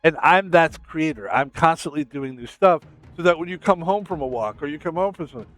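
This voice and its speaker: A man's voice: fairly high pitch, lively intonation, fairly quick, fairly bright tone, faint music behind. An American man streaming, talking in a rambling, casual way with some swearing. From United States. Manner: rambling, profane, self-promoting.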